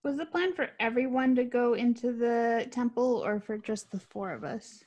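A woman's voice: on the high side, moderate pace, darkish tone, dull audio. A woman as a player in a tabletop game, asking questions.

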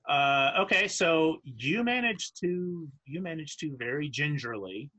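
A man narrating as game master of a tabletop role-playing game, halting and restarting, with many fillers. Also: on the high side, lively intonation, bright, forceful tone, poor audio. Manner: halting, full of fillers and restarts, laughs often.

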